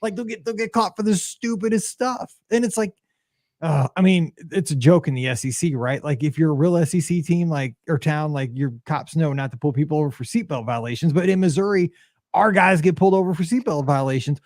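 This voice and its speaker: An excitable man in his forties co-hosts a casual podcast chat and tells his stories with lots of energy. His voice sits a bit high, and the recording is completely dry, with no room sound. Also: fairly quick, dry recording. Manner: excitable, animated storytelling, says "dude" a lot. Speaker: podcast co-host.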